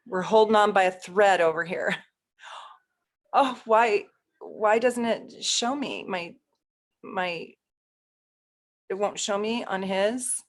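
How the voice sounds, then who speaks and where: Slow-talking chatty woman astrologer. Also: medium pitch. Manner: chatty, laughs often, easily flustered. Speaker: astrologer hosting a live stream. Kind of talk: casual live-stream chat with viewers.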